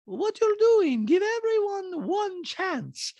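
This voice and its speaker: A man doing a loud, fierce woman with a put-on Bosnian accent, squealing high and drawing out words. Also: big pitch swings, dry recording, dull audio, full character voice. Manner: high squealing, drawn-out shouting.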